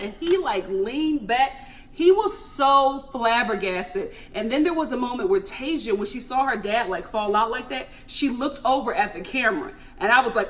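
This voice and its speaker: A young woman chatting animatedly through a TV recap, breaking into laughs and jumping high in pitch for emphasis. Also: expressive, normal speed, fairly bright tone. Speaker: TV recap vlogger.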